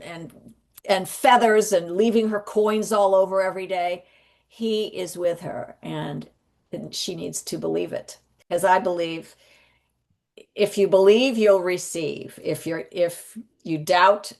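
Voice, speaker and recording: Animated woman telling stories as a guest. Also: mid-range voice, gravelly. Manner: animated, rambling, with restarts. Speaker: psychic medium guest. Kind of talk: conversational storytelling.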